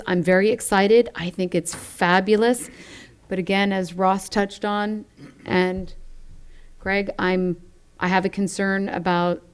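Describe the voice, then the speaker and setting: A woman's voice: medium pitch, clear, resonant tone. A woman, a school board trustee, asking curious, upbeat questions at a meeting.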